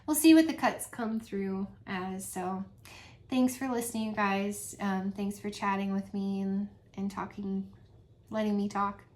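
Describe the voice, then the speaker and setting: A middle-aged woman talking casually to her channel's viewers, soft-spoken, with many pauses and frequent little laughs. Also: medium pitch. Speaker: channel host. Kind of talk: casual vlog chat to viewers.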